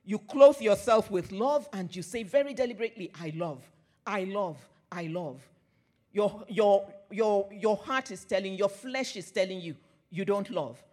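A man preaching a sermon, earnest, telling a personal story and repeating phrases, often letting his voice fall soft at the end of a line. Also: sits high, normal speed. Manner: earnest, with soft drops in volume at the ends of phrases.

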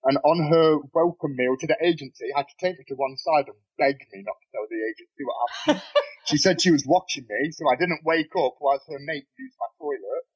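Husky podcast guest, lively delivery, dull lo-fi recording. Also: male voice, on the high side, fairly quick. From Nottingham, England. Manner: animated, swears freely, laughs mid-story. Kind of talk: casual storytelling. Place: bedroom.

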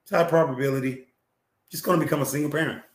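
A man hosting a talk show gives forceful, preachy relationship advice, repeating phrases and frequently clearing his throat. His voice sits on the higher side with fairly steady intonation, he talks fast, and the room is reverberant.

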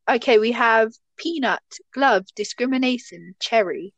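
A woman's voice: on the high side, no echo. A young woman, co-hosting a podcast in casual chat, giggly and chatty with lots of fillers. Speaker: podcast co-host.

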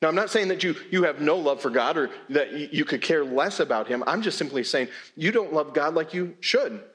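Man preaching a sermon, fairly high voice, conversational, emphatic, repeats words. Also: lively intonation, a little fast, fairly bright tone. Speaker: pastor. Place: church sanctuary.

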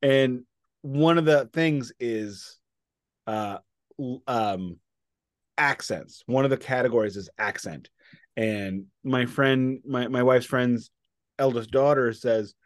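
A man's voice: medium pitch, slow pace, dry recording, clean studio sound. A man co-hosting a casual album-review podcast, opinionated and prone to digressions. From United States. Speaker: podcast co-host. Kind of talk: casual music review chat.

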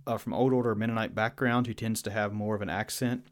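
Southern-accented Virginia man, unhurried. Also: fairly low pitch, little pitch movement. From Virginia, USA. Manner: thoughtful, unhurried, restarts phrases. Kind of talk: casual podcast conversation.

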